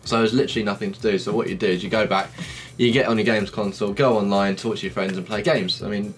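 A man from England telling stories in a relaxed, casual podcast chat. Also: fairly low pitch, fast talker, faint music behind. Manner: relaxed storytelling. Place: shed studio.

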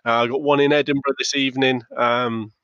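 A man's voice: mid-range voice, little pitch movement, fairly quick, bright, forceful tone, dry recording. A man with a mixed English regional accent hosting a podcast, chatting casually and rambling a bit with fillers. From England. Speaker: podcast host. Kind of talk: casual chat. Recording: dry, dull lo-fi sound.

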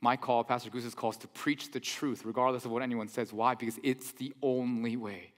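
A man preaching a sermon in a church, conversational and animated, with mock-incredulous asides. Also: medium pitch, fairly quick. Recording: long hall reverb.

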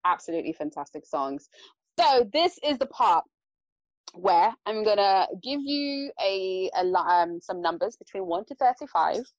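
A woman's voice: medium pitch, big pitch swings, moderate pace, dry recording, dull audio. A woman host with an English accent, chatting casually and giving effusive praise. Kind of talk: casual interview chat.

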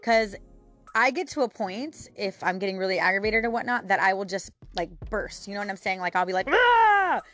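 A woman's voice: mid-range voice, a little fast, fairly bright tone, soft background music. Chatty woman hosting a parenting podcast. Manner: chatty and candid, with frequent fillers and laughs. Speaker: podcast host. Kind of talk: casual solo podcast chat.

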